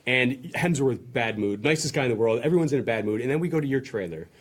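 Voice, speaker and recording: A man's voice: medium pitch, lively intonation, quick pace. A man interviewing a guest in casual chat, his phrasing loose and full of fillers and repeats.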